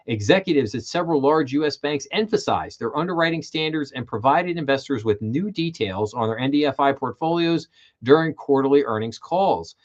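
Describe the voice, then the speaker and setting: A man hosting a weekly banking stream, reading news items and then chatting about them in a loose, filler-heavy way. His voice sits at an ordinary middle pitch. The stream audio sounds a little dull and lo-fi. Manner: casual, reads headlines then riffs with fillers. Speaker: show host. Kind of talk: livestream financial news commentary.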